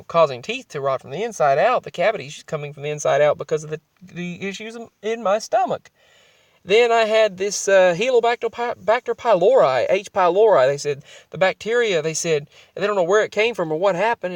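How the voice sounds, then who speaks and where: A man's voice: high-pitched, brisk, no room sound. A young adult man telling his own story in a vlog, rambling and emotional, often restarting his sentences.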